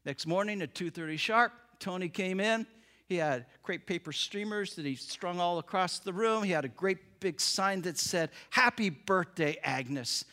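Guy giving a sermon, tells the story all animated, kinda high bright voice. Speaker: preacher.

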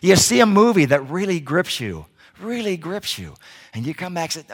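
A man preaching a sermon as a guest preacher, telling animated stories and joking with the congregation. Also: sits high, normal speed, husky. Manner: animated storytelling, acts out little scenes; jokey with the congregation.

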